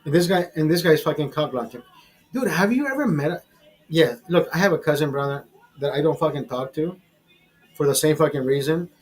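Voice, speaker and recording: A man hosting his own vlog, telling a story in a casual, profane and animated way, often repeating words when excited. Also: fairly high pitch, a little fast. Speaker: vlog host.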